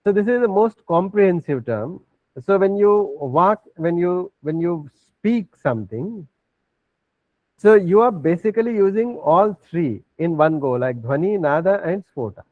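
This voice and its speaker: Male lecturer, fairly high voice, explanatory, thin phone-like call audio. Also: lively intonation, unhurried, dry recording. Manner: explanatory, checks in with frequent "okay". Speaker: teacher. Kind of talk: online class lecture. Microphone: video call.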